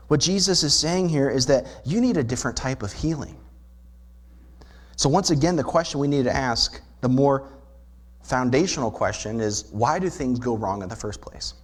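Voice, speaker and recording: A male pastor delivering a sermon, his voice sitting at an ordinary middle pitch. He talks earnestly and explains scripture step by step, often stopping to pose rhetorical questions to the congregation. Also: normal speed. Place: church sanctuary.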